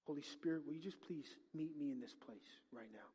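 A middle-aged male pastor preaching a sermon, swinging from hushed, prayerful murmurs to loud, excited exclamations. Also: fairly high pitch, brisk, breathy edge, big-room sound.

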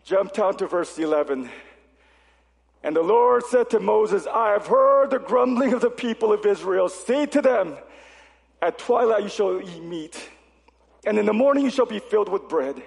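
A man preaching a sermon, reading scripture aloud and asking the congregation rhetorical questions with animated delivery. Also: high-pitched, normal speed, vocal fry, in a large hall. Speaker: pastor.

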